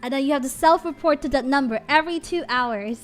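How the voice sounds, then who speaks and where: A woman voicing a stern male fake police officer who gives slow, official warnings. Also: high-pitched, soft background music, close to an everyday voice.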